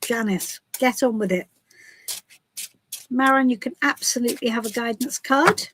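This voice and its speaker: A woman's voice: a little high, moderate pace, a bit bright, a little hiss or hum. A British woman hosting a live tarot stream, chatting casually in a rambling, giggly way. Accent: British English. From Britain.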